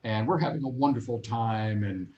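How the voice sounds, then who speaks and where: A man telling lively anecdotes as a guest in a casual interview, acting out little voices along the way. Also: mid-range voice, normal speed, highs cut off. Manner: animated, acts out voices in anecdotes. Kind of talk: casual storytelling. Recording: roomy echo.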